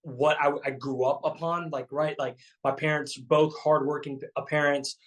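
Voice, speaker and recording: A man's voice: on the high side, level tone, moderate pace, poor audio. A man in his thirties, a fitness coach telling his story as a guest in a casual, chatty way, full of fillers and repeats. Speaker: keto coach, podcast guest.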